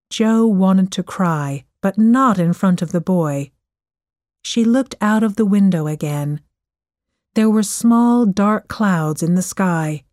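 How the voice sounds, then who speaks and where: A woman narrating an audiobook story in a clear, measured voice. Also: medium pitch, lively intonation, a little mellow, no echo, studio quality.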